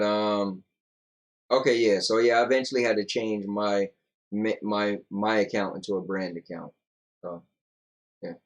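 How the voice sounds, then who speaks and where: A young man with a fairly low voice chats loosely on a home podcast. He rambles, reads viewer comments aloud and sounds tired, yawning now and then. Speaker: podcast co-host. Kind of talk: casual chat reading comments.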